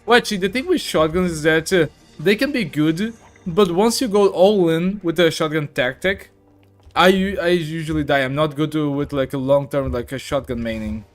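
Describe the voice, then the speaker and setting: A man's voice: fairly high pitch, moderate pace, faint music behind. A man streaming a game, chatting casually, reading chat aloud and filling gaps with "like" and "uh". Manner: chatty, reads chat aloud, many fillers. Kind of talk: casual live-stream commentary.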